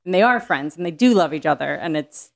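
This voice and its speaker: A woman's voice: low voice, lively intonation, a little fast, vocal fry. A woman talking casually as a podcast guest, rambling with frequent restarts and casual swearing. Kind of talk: casual chat.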